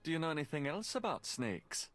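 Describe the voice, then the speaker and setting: A probing investigator working through his questions in a mystery adventure game. His pitch swings very widely while he talks, and faint music runs behind him. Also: big pitch swings, fairly quick, fairly bright tone. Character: investigating writer questioning people, posing as a priest. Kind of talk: voiced game dialogue.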